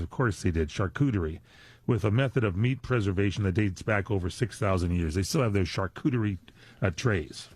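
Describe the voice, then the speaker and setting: A man's voice: mid-range voice, darkish tone, no echo. A man hosting a live radio show in a studio, chatting casually with jokes and rambling digressions. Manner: jokey, rambling, drifts into digressions. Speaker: radio host. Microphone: studio microphone.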